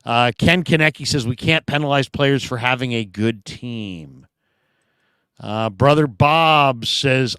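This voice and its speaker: A man's voice: mid-range voice, slow, a bit bright, smooth, no echo, studio quality. A man hosting a casual sports talk show, chatting about football and reading out viewer comments with playful asides. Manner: chatty, reads out fan messages with playful asides.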